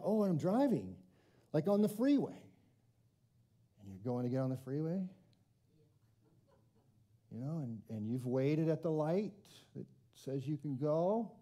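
A man delivering a conversational sermon, his voice very dark and mellow. His pitch rises and falls a great deal as he talks. He keeps turning questions back on the congregation. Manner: conversational, self-deprecating, asks the congregation questions. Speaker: pastor.

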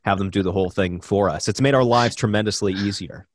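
A man's voice: fairly low pitch, fast, no echo, studio quality. A man co-hosting a podcast, bantering in a playful, teasing way. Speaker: podcast co-host. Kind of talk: casual comedic chat.

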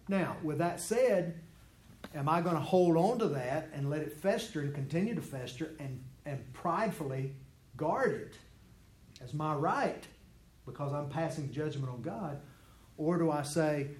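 A man's voice: on the high side, expressive, moderate pace, darkish tone. A man leading a Bible study class, teaching in an earnest, conversational way and voicing prayers in the first person. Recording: echoey room with faint background noise.

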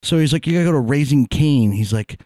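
Fast-talking profane man telling stories. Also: mid-range voice, no room sound, studio quality. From Vermont. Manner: profane, animated storyteller. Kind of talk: casual storytelling chat.

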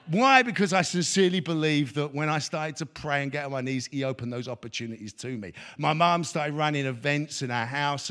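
A man's voice: a little high, pushed and bright. A middle-aged man giving his testimony as an evangelist, emphatic and preacherly. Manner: emphatic, preacherly, rising to exclamations. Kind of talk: spoken testimony.

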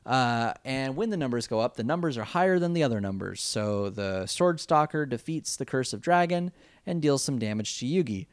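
A man's voice: mid-range voice, lively intonation, moderate pace, clear, resonant tone, no echo, studio quality. A man recapping a cartoon episode in a rambling, jokey casual chat, full of fillers. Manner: rambling and jokey, with many fillers and mock voices. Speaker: podcast co-host recapping an anime.

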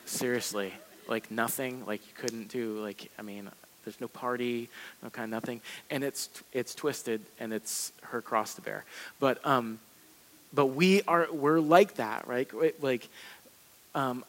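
A man preaching a sermon in a relaxed, conversational way, with self-deprecating asides and emphatic repetition. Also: medium pitch, a little slow, a little hiss or hum, poor audio. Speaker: pastor. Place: church sanctuary.

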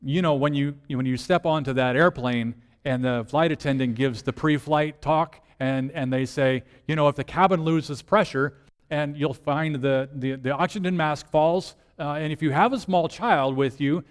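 A lead minister giving a conversational sermon, asking rhetorical questions and swinging between soft, hushed lines and emphatic ones. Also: male voice, on the high side, normal speed, long reverb tail.

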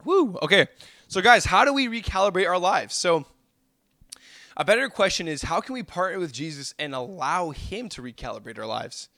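Fervent young male preacher, fairly high voice. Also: animated, moderate pace, bright, forceful tone, dry recording, clean studio sound. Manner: fervent, addresses listeners as guys. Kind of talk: sermon.

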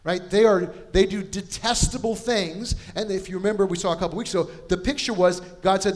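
Fairly high-voiced man preaching conversationally. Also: steady tone, brisk, hardly any pauses, a little mellow. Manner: conversational, anecdotal, self-deprecating asides. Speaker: pastor. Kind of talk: storytelling sermon.

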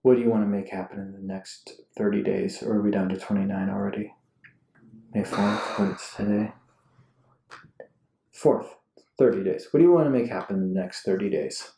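Male co-host, thirties, animated ranter, mellow tone, roomy home recording. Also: fairly low pitch, moderate pace, vocal fry, pauses often. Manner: animated, ranting, gets worked up. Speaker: podcast co-host. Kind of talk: casual chat with spouse. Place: room at home.

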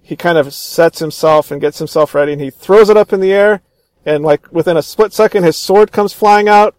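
A man with a fairly high voice, talking casually and eagerly about a favorite film. He retells scenes with relish, often restarting his sentences. The sound is close and dry. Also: darkish tone, no echo. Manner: enthusiastic retelling, acts out quoted lines; frequent restarts and fillers.

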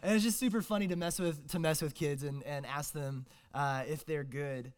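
A man's voice: fairly high pitch, steady tone, moderate pace, clean tone. A young man, preaching a casual, joking sermon as a guest preacher, full of fillers and restarts.

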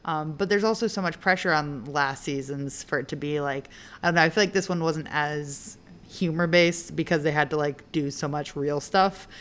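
A woman with a low, deep voice talks casually as a podcast co-host. She muses aloud, trailing through fillers and restarts. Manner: chatty, drawn-out musing with many fillers. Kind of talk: casual chat.

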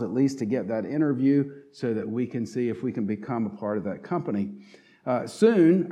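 A man's voice: mid-range voice, dark tone. A middle-aged man with a Southern accent from North Carolina, preaching a sermon in an earnest, folksy way with frequent "uh" fillers. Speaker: lay preacher.

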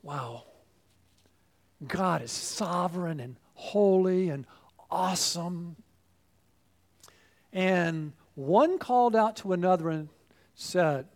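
Preaching without hurry, a man with a high voice swings between booming exclamations and murmured asides, keeping his sermon emphatic throughout.

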